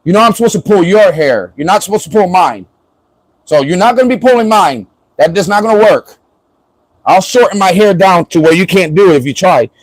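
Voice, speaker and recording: A man's voice: high voice, animated, fairly quick, dry recording, low-quality recording. A man from Florida chatting casually on a livestream, joking and rambling and laughing often.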